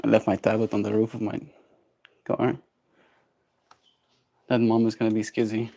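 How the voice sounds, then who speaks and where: A man's voice: lowish voice, little pitch movement, moderate pace, vocal fry, mellow. Man, casual vlog commentary, laid-back, slangy, chatty. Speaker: daily streamer.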